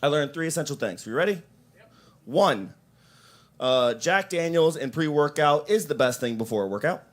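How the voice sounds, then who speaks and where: A young man doing a stand-up set on a coffee shop stage mic, crude and rambling. His pitch swings up and down a lot, and he breaks into loud impressions of the people in his stories. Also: expressive, normal speed. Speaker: open mic comedian.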